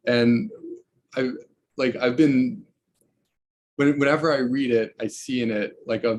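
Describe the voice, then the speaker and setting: A young man speaking as a researcher in an academic interview, hesitant, with many fillers and restarts. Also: fairly low pitch. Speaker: researcher guest.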